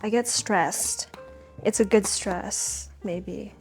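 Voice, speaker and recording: A woman's voice: mid-range voice, unhurried, a little mellow, faint music behind. A young woman chatting casually to camera while baking in her home kitchen, talking to herself and a bit flustered. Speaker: home baker vlogger. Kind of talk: casual baking vlog chat.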